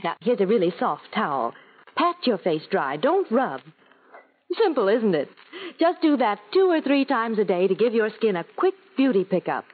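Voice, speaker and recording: A woman's voice: mid-range voice, big pitch swings, normal speed. An actress playing a chatty, bossy woman giving her friend advice in a 1940s radio ad, coaxing and instructive. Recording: tinny 1940s radio broadcast.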